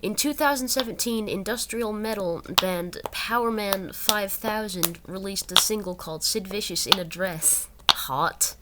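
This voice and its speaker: A woman's voice: mid-range voice, moderate pace, few pauses. A young woman reading an article aloud and breaking off into rambling, self-correcting asides. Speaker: channel host. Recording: loud background noise.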